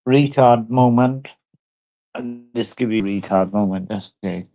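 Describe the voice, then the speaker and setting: A man's voice: on the low side, fairly even intonation, a little fast, vocal fry, mellow, no echo, poor audio. A drunk man, ranting on a livestream in a profane, rambling and repetitive way. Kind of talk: angry livestream rant.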